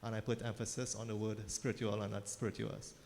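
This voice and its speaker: Man, pandit, measured formal address, even tone, long hall reverb, faint hiss. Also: fairly low pitch, creaky. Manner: measured, orderly, counts points in threes. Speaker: pandit giving a blessing. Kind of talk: formal address at a temple service. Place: temple hall.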